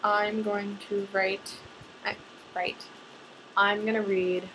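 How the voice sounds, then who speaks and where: Young American woman, chatty and rambling vlogger, casual and self-mocking, medium pitch, faint background noise. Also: level tone, slow, fairly bright tone, low-quality recording. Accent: General American. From North America. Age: young adult. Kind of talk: casual voice meme vlog.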